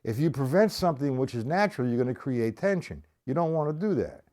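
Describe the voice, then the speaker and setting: Animated man teaching drums on a stream. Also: medium pitch, quick pace. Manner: animated, conversational, repeats points, checks in with viewers. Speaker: drum teacher. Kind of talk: live-streamed drum lesson. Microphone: live stream camera mic.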